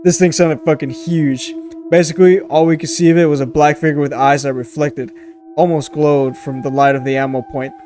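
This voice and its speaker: A man's voice: a little high, fairly even intonation, fairly quick, a little mellow. Laid-back man from Texas, swearing. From Texas plains. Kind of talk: casual podcast storytelling.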